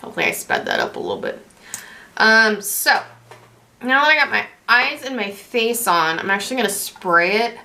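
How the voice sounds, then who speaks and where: A woman's voice: on the low side, bright, forceful tone. A young woman chatting casually through a makeup tutorial, rambling and correcting herself as she goes. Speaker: beauty vlogger.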